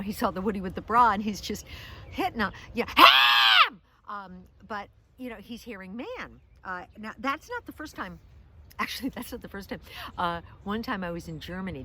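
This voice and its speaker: In a casual outdoor vlog set in a park, a middle-aged American comedian and vlogger spins a rambling story at her own expense, restarting and using fillers often. She has a fairly low, fairly bright voice, and there's slight background noise.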